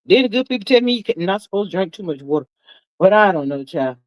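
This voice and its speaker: Speaking fast and full of life, this livestream host in her sixties drawls out chatty gossip, addressing people as "honey" and "child" and swooping upward to stress points. The recording is rough, though there's no echo.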